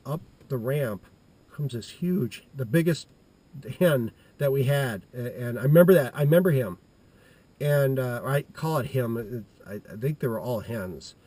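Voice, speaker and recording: A man's voice: mid-range voice, warm tone. Rambling man telling a childhood story. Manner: halting, with many restarts and fillers. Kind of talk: rambling personal anecdote.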